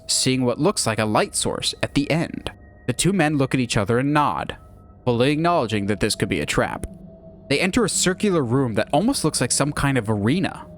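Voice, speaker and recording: Animated male narrator, mid-pitched, eager storyteller. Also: slight background noise. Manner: animated, lively. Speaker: narrator pitching a movie idea.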